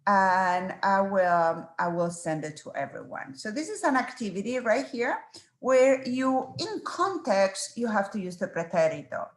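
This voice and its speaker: A woman's voice: mid-range voice, sing-song, unhurried, roomy sound. A woman teaching a Spanish exam review, patiently spelling out verb forms one at a time and checking in with students.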